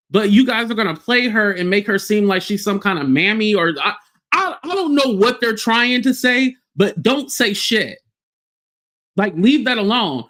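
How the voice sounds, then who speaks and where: A man hosting a livestream, giving blunt, heated commentary with swearing and quick acted-out quotes. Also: sits high, a bit bright.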